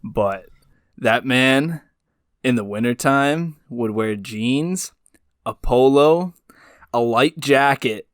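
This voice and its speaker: A man's voice: medium pitch, slow, pauses often, no room sound. A young man co-hosting a podcast, swearing a lot in casual chat. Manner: crude, swearing. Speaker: podcast co-host. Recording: dry close sound.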